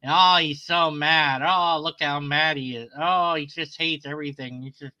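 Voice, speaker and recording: A man's voice: a little high, steady tone, moderate pace, few pauses, bright, forceful tone, highs cut off. A man sarcastically retelling a story in casual commentary, mocking the people in it.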